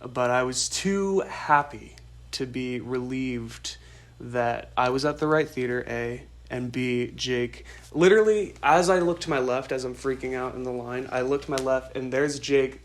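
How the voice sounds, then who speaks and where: A man in his twenties hosting a podcast, telling a rambling story in an excitable way and laughing often. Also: medium pitch, a little slow. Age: 20s. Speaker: podcast host. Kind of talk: casual storytelling monologue.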